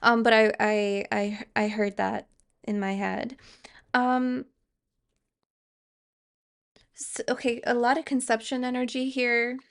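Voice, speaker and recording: A woman's voice: fairly high pitch, level tone, measured pace. A woman giving a tarot card reading, speaking hesitantly with fillers and restarts and reassuring viewers directly. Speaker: tarot reader.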